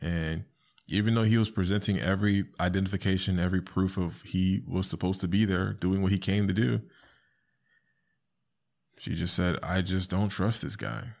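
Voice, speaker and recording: A man hosting a podcast alone, talking casually and animatedly, often jumping into high squeaky voices to quote people. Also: fairly even intonation, normal speed, creaky, long pauses, darkish tone. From South Florida. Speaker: podcast host. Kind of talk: casual solo podcast commentary.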